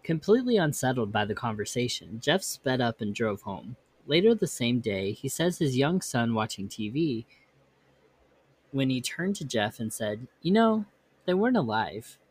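This podcast host reads ghost stories out loud, pausing now and then to toss in casual comments. He speaks at a moderate pace in a mid-range voice that's very animated and carries a breathy edge.

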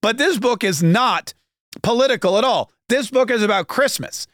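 A man's voice: very high-pitched, lively intonation, normal speed, fairly bright tone, no echo, clean studio sound. A man hosting his conservative talk show, chatting casually and joking, rambling with frequent self-corrections. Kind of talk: casual podcast monologue.

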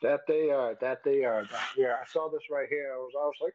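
Brief: easygoing male podcast guest, teasing, mid-pitched, muffled lo-fi audio. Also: fairly even intonation, fast, few pauses, a little mellow. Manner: teasing, laid-back. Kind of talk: casual chat.

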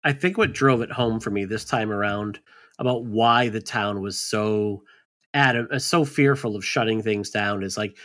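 A man's voice: lowish voice, moderate pace, fairly bright tone. A man co-hosting a film podcast in loose, casual conversation. He rambles through his points, padding them with "like" and "you know.". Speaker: podcast co-host.

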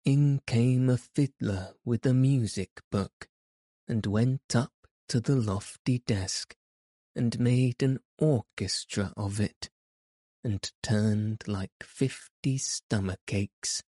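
Man reading a classic story aloud, real slow and mellow, dry sound. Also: mid-range voice, no room sound. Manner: measured, expressive storytelling. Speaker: narrator. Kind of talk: audiobook reading.

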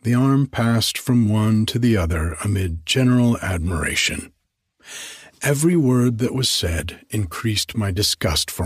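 A man reading a story aloud in a measured, earnest narration. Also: lowish voice, breathy edge, no echo.

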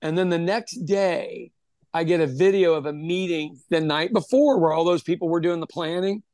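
A man who owns a pub, telling an animated story in casual chat, acting out what people said and swearing freely. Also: a little high, moderate pace, no echo, clean studio sound. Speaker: podcast host telling a story; pub owner.

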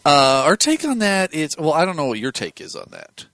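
Animated chatty male podcast host. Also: a little high, moderate pace, no room sound. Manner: animated, rambling with fillers and laughs. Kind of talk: casual chat.

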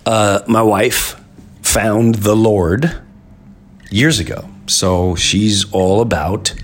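A middle-aged man hosting his podcast, telling family stories in a rambling, animated comedic monologue. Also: lowish voice, takes it slowly, faint music behind. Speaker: podcast host.

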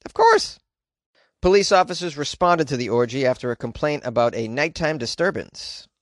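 A man giving comedic news commentary in a sarcastic, animated way, laughing at the stories he reads. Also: medium pitch, fairly quick, no echo, studio quality. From United States.

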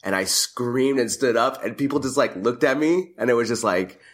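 A man co-hosting a casual sports podcast, telling a lively story with frequent restarts and fillers. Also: medium pitch, normal speed. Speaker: podcast co-host. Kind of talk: casual chat. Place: lives in Madrid.

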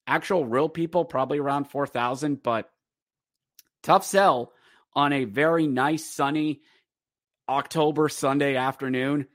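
A man hosting a podcast, rambling casually with fillers through a game recap and slipping into excited play-by-play. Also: medium pitch, dry recording, studio quality. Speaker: podcast host.

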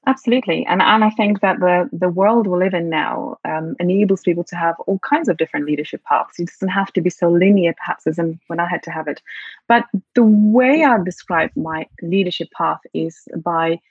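Husky British-accented woman from Poland. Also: lowish voice, normal speed, no echo, dull audio. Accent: Polish-tinged British English. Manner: warm, reflective, many fillers. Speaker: guest. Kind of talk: interview conversation.

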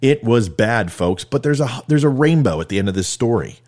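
A man's voice: medium pitch, lively intonation, normal speed, darkish tone. Guy host rambling at his viewers, jokey, pokes fun at himself. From California. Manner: rambling, joking, self-mocking. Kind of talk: casual monologue to viewers.

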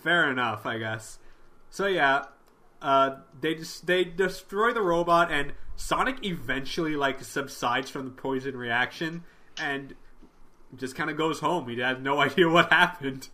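A man's voice: fairly high pitch, unhurried. A man co-hosting a casual podcast, recapping comic issues and acting out the characters' lines with plenty of swearing. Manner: animated, acts out characters' lines with profanity. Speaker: podcast co-host.

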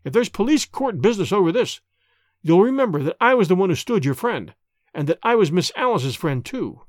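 A man's voice: high voice, sing-song, a little fast, a little mellow, dry recording, clean studio sound. A man voicing a tall, gaunt female servant telling what she knows in a storybook reading. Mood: confiding. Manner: plain, confiding.

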